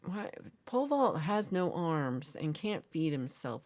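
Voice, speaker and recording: A woman's voice: sits low, sing-song, measured pace, a little mellow. A woman hosting a casual livestream, playfully reading and answering chat comments and teasing her viewers. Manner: jokey and teasing. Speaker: livestream host.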